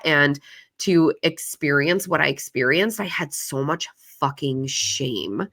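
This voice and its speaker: A woman's voice: low-pitched, bright, forceful tone. A woman hosting a podcast, telling her story in a casual, confessional way, swearing freely and using lots of "like" fillers. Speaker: podcast host. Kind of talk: candid solo podcast monologue.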